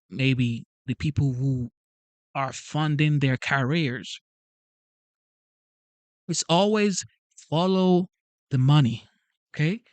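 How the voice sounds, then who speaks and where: A man hosting a live stream, talking in an animated, repetitive way, asking rhetorical questions and reading out chat messages. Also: a little high, no echo. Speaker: channel host.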